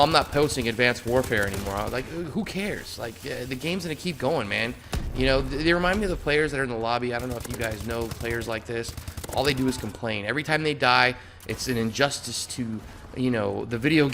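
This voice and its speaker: A young man talks over his gameplay footage in a loose, frustrated rant, full of "you know" and curse words. His voice sits at an ordinary pitch. Faint gunfire from the game runs underneath. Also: a bit bright, slight background noise. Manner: frustrated ranting, frequent fillers and swearing. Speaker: gaming channel host. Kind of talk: casual gameplay commentary.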